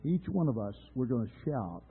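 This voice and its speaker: A man's voice: medium pitch, sing-song, moderate pace, breathy edge. A man preaching an earnest, emphatic sermon to his congregation. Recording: tinny phone-like sound with faint music.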